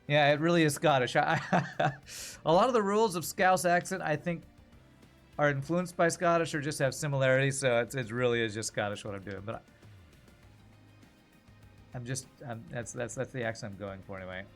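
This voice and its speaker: A man's voice: medium pitch, brisk, faint music behind. A man streaming a card game, chatting casually and thinking aloud about his moves. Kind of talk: casual gameplay commentary.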